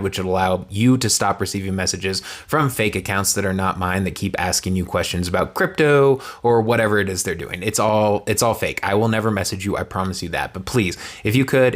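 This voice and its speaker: A man rattles off a political recap at a brisk clip, his voice sitting fairly low. He slips in deadpan, mocking asides as he goes, keeping a dry, sarcastic edge throughout. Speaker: political commentary creator.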